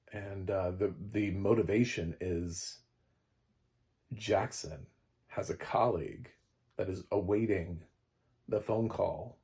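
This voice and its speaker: A man with a very low voice talks through a film review in a loose, chatty way. He wanders off on tangents and laughs at his own slips. His opinions come out strong and playfully exaggerated. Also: dark tone.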